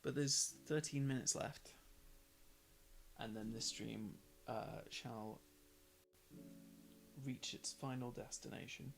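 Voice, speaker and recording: A young man from northern England talks through a late-night stream, sounding tired and self-deprecating. His speech is slow and unhurried, with a gravelly fry and plenty of ums as he trails off. Plucked guitar music plays clearly underneath. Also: medium pitch, fairly even intonation, poor audio. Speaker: livestream host painting along. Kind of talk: casual rambling livestream chat. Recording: background music playing under the voice.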